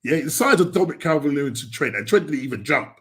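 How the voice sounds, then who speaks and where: A man hosting a football podcast, talking in a rambling, excitable way with lots of restarts. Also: on the high side, fast. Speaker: podcast host. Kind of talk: casual football chat.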